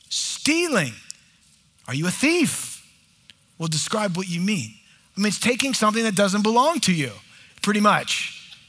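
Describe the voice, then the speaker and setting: Brief: middle-aged man, pastor mid-sermon, high and lively, breaks into quick acted-out exchanges. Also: husky. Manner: animated preaching, acting out short dialogues. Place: church.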